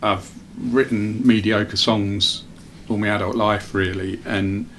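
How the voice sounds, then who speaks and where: A man's voice: lowish voice, steady tone, slow, fairly bright tone, a little hiss or hum. A man with an English accent, co-hosting a radio show and reminiscing thoughtfully and self-deprecatingly. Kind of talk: casual reminiscing chat.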